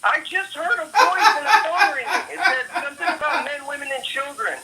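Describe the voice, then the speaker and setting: A man's voice: extremely high pitch, a little fast. A man on a phone call, confused and suspicious, rambling as he answers. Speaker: prank call target. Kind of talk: phone conversation. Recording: noisy phone line.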